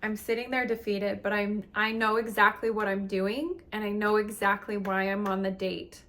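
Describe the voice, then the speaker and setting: A woman's voice: mid-range voice, little pitch movement, moderate pace, sharp tone. A woman coach telling a personal story in a candid, emotional, casual way, with lots of filler words. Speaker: relationship and meditation coach.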